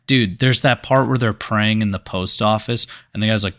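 A man's voice: on the low side, moderate pace, hardly any pauses, fairly bright tone. A man co-hosting a movie review podcast, chatting casually with sarcastic, profane remarks. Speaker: podcast co-host.

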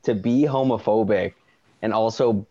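A man's voice: lowish voice, a little slow, dark tone, no echo. A man co-hosting a podcast, blunt and profane in casual chat, on a dull lo-fi recording. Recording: dull lo-fi sound.

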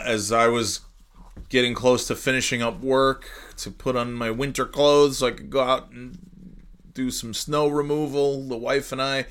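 Medium in pitch and a bit bright, this man's voice carries a casual solo podcast. He meanders through his thoughts, keeps restarting, swears, and chuckles often between phrases.

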